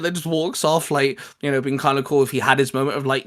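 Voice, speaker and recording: Guy guest on a podcast, halting and casual, lots of ums. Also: mid-range voice, steady tone, a bit bright. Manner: halting, many restarts and fillers. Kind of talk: casual chat.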